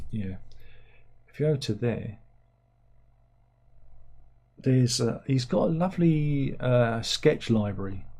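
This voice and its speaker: A man's voice: medium pitch, warm tone, slightly rough. A middle-aged man, hosting a casual livestream, rambling on and reading out viewer comments. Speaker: livestream host.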